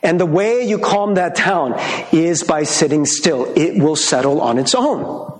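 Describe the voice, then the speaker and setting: A pastor gives a casual, conversational sermon, laughing easily as he speaks. His voice sits high and swings widely in pitch. The sound carries a roomy echo. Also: measured pace. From Michigan. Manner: conversational and animated, with frequent laughs.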